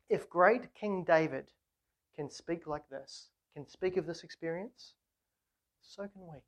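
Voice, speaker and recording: A woman preaching a sermon, speaking earnestly with rhetorical questions and emphatic repetition. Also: low voice. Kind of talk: sermon on a psalm.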